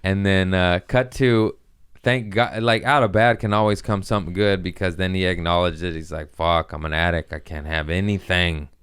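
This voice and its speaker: Man, podcast host, very deep voice, smooth and resonant, casual profane joking. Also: fairly even intonation, normal speed, fairly bright tone, no room sound, studio quality. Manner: loose, profane, jokey storytelling. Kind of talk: casual chat.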